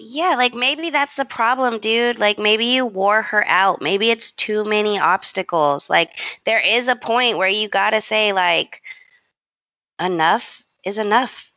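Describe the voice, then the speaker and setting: A woman's voice: medium pitch, bright, forceful tone, no echo, highs cut off. A woman co-hosting a podcast in casual chat, full of sassy quips and asides. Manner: sassy, quick quips and asides, lots of mm-hmms. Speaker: podcast co-host.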